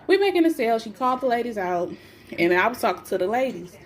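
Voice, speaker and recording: A woman's voice: a little high, sing-song, fast talker. A pregnant woman telling her own story in casual talk. She is blunt and defiant, swears freely, and acts out other people's lines in shifted voices. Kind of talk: casual first-person storytelling.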